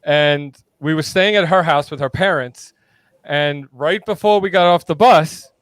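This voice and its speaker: A man's voice: fairly high pitch, measured pace, fairly bright tone, clear, resonant tone, no room sound. A man co-hosting a podcast, telling stories in casual chat and laughing often. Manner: laughing, storytelling. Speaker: podcast co-host.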